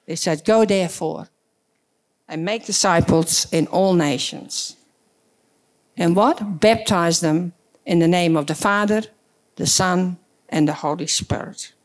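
A woman's voice: lowish voice, measured pace, long pauses. A woman on a church panel, earnestly explaining scripture and quoting verses.

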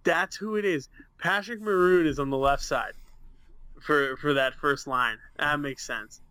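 A man's voice: on the high side, unhurried, sharp tone, clear, resonant tone, dry recording. A young man co-hosting a casual sports podcast over a webcam, ranting with heavy swearing. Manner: profane, heated, ranting. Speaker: podcast co-host.

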